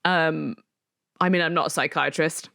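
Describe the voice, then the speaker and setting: A woman's voice: low-pitched, fairly even intonation, normal speed, gravelly, bright, forceful tone. A woman co-hosting a podcast, chatting casually and reading out listener questions. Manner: easygoing, reads listener questions aloud. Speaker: podcast co-host. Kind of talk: casual chat.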